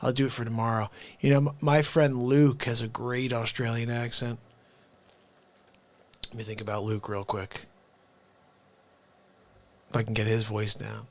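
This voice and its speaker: A man's voice: mid-range voice, flat delivery, unhurried, pauses often. A man hosting an unscripted live stream, rambling chattily and addressing his viewers directly.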